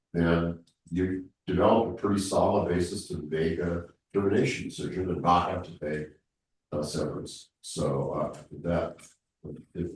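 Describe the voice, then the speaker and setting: A man's voice: sits low, slight background noise. A congested man leading a town board meeting, talking in a rambling way with many restarts. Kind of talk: public meeting discussion. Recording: echoey room, mic far off.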